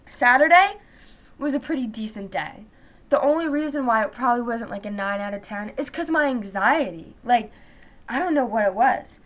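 A woman's voice: a little high, fairly bright tone. A teenage girl chatting casually in a vlog, rambling and peppering her talk with "like". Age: teens. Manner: rambling, full of "like" fillers. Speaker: vlogger.

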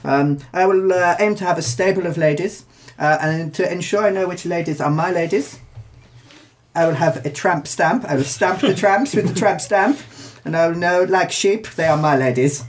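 A man's voice: sits high, moderate pace, slight background noise, natural voice. A man doing a Mister T-style impression of a boastful pimp in improvised comic role-play. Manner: boastful, giggling at own jokes.

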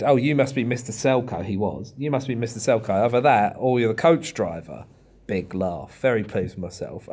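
A man's voice: medium pitch, a little mellow. A man, co-hosting a casual comedy podcast and telling wry, self-pleased stories from his stand-up gigs. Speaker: co-host, stand-up comic.

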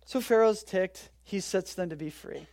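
A pastor giving a casual, joking sermon, retelling a bible story with loud bursts and quiet asides. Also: mid-range voice, normal speed, vocal fry. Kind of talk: conversational sermon.

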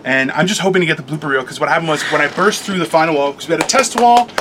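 A man chatting casually as a co-host, telling an animated story, acting out quotes and laughing often. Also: on the high side, very fast, noisy background. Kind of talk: casual chat.

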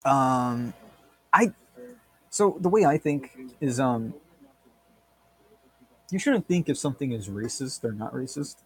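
A man's voice: medium pitch, lively intonation, slow pace, pauses often, breathy edge. A man co-hosting a podcast, rambling and joking in casual banter, swearing freely. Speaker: podcast co-host.

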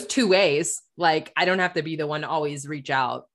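Low-voiced woman chatting candidly. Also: normal speed, a bit bright, slight background noise. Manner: candid, laughs often, swears casually. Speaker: podcast co-host. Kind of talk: casual chat.

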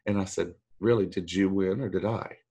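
A middle-aged man, a voice actor guest telling a long story in a rambling, animated way and acting out the people he quotes. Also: low voice, moderate pace, background noise. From Texas. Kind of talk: storytelling anecdote.

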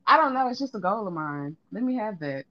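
Young dude guest, joking around, voice bouncing up and down, kinda muffled. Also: male voice, sits high, a little fast, dry recording. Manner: playful, laughing, expressive. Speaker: podcast guest. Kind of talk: casual podcast banter.

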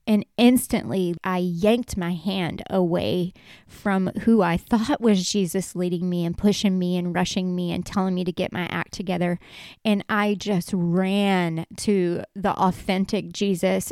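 A woman's voice: on the low side, steady tone, unhurried, darkish tone, no echo, studio quality. A woman talking casually and earnestly about her faith, rambling and correcting herself as she goes. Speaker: Christian speaker.

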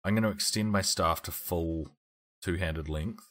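Very deep-voiced tabletop player. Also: male voice, a little slow, fairly bright tone. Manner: methodical, talks through his moves and rules. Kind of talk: casual tabletop play.

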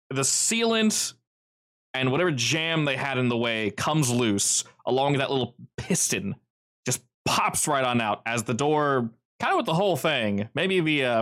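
A man with a medium-pitched, fairly bright voice runs a tabletop game as game master. His narration rambles along easily and is packed with fillers.

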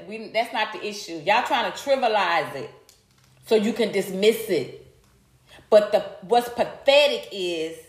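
A woman, hosting a live stream and talking straight to her viewers in a heated, profane rant. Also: medium pitch. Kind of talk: casual live-stream commentary. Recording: echoey room.

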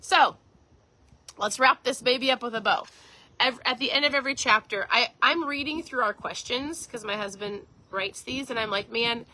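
A woman's voice: a little high, moderate pace, pushed and bright, poor audio. A middle-aged woman hosting a podcast, talking earnestly and casually straight to her listeners. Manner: earnest, conversational, addresses listeners directly. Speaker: podcast host. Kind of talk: casual motivational talk.

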